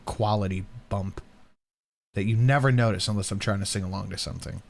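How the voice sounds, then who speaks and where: A man's voice: on the low side, brisk, creaky. A man co-hosting a reaction video, mocking and swearing as he laughs through his commentary. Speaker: co-host.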